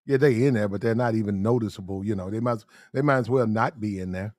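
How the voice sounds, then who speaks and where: A man's voice: lowish voice, fast talker, a little mellow, no room sound, clean studio sound. Blunt slangy man giving street advice. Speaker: podcast speaker giving dating advice. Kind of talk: casual advice talk.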